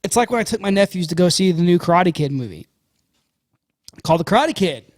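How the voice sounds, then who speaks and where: A man with a fairly high voice talks bluntly on a casual podcast, rambling and swearing all the way through. The sound is dry and close, with no trace of the room. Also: fast, no echo. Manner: animated, profane, blunt, rambling. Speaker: podcast co-host.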